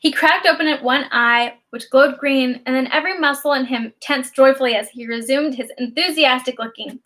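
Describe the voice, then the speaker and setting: A woman reading a children's novel aloud as an audiobook narrator, in expressive, lively storytelling. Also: high-pitched, normal speed.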